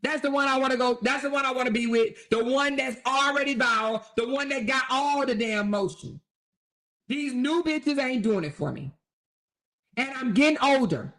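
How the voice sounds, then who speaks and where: A woman's voice: high-pitched, fairly bright tone. A woman mocking a bitter, ranting ex-husband. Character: bitter spiteful ex-husband, middle-aged man, self-pitying. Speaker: commentary host. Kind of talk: satirical commentary role-play.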